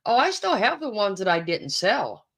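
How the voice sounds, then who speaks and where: A chatty woman in a relaxed conversation, tossing in quick asides as she goes. Her voice sits at an ordinary middle pitch. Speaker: channel co-host. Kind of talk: casual chat.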